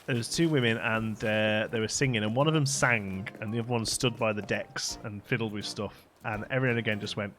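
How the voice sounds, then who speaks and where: A man's voice: on the low side, fairly even intonation, fairly quick, hardly any pauses, fairly bright tone, faint music behind. A man chatting casually while streaming a game live, rambling and laughing often.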